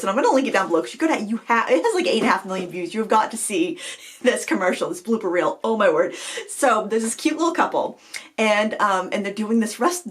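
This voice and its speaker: A woman in her forties from Maine chats to camera as a craft vlogger. Her voice sits at an ordinary middle pitch. She rambles and breaks into laughter often. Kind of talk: casual chat to camera.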